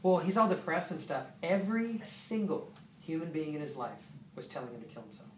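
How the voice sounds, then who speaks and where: A pastor tells a long story from the pulpit, laughing often and filling pauses with ums and likes. The voice sounds distant from the mic and rings in a roomy hall. Steady background noise runs under it. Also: mid-range voice. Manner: animated, laughing, many fillers. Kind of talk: storytelling sermon. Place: church hall with congregation. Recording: echoey hall, distant, noisy.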